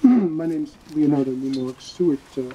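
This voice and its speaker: A man from New York speaks at a funeral, hesitant with fillers. His voice is a bit high and mellow in tone. Faint noise runs behind him. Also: moderate pace, muffled recording. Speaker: eulogy speaker, neighbor. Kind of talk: informal funeral eulogy.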